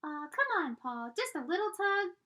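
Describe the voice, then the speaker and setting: A woman doing a mischievous talking pigtail from a children's storybook. It wheedles and whines in a squeaky, bright little voice. Its pitch jumps all over the place. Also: sing-song, moderate pace, full character voice. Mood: coaxing. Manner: coaxing, whiny, squeaky.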